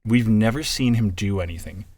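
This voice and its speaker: Man, podcast co-host, low voice, animated storyteller who swears and acts out scenes. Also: normal speed. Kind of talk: casual chat.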